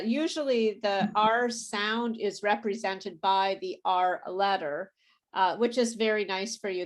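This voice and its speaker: A woman leads an English pronunciation lesson at a very unhurried pace. She says each word with care and waits for her students to repeat it, laughing lightly now and then. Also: mid-range voice. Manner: patient, slow and repetitive, with light laughs. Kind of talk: live online pronunciation lesson.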